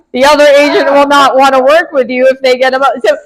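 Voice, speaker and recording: Woman broker, higher voice, chatty lecture to a room of agents, quick laughs. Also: poor audio. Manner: chatty, laughs often, asks the room questions. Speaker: real estate broker teaching agents. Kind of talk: casual classroom lecture.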